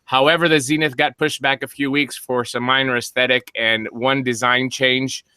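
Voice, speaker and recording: Male co-host, bright and smooth voice, detailed explainer, teasing. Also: mid-range voice, level tone, normal speed, dry recording. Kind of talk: casual podcast chat.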